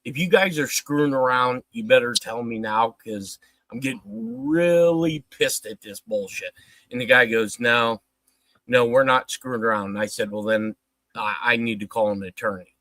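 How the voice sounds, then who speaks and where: A man's voice: medium pitch, moderate pace, no room sound, rough recording. Guy ranting thru a story, swears a lot, acts out what ppl said, dry close sound. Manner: profane, animated retelling with quoted dialogue. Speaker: guest telling a story. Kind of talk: casual storytelling on a livestream.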